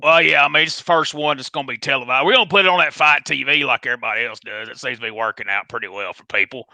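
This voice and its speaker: Man, folksy rambler, gravelly, very bright forceful tone, dry sound. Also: mid-range voice, quick pace, dry recording, rough recording. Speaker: wrestling promoter guest. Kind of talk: comedic in-character call-in.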